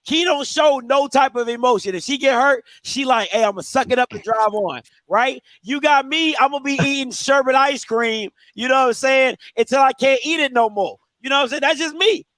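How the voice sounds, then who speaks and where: A man's voice: extremely high pitch, normal speed, hardly any pauses, sharp tone, dry recording. A man hosting a call-in sports show, talking casually and laughing, with "you know what I'm saying" again and again.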